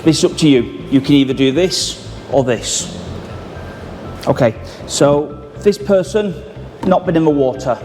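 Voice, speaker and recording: A man's voice: on the high side, expressive, unhurried, darkish tone. A man from Manchester working as a first aid trainer, giving clipped, step-by-step instructions. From Manchester, England. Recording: reverberant, with music behind.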